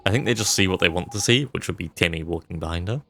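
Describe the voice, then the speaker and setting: A man streaming a game live, musing in relaxed asides between the dialogue. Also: deep voice, fast talker, faint music behind. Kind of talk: live gameplay commentary.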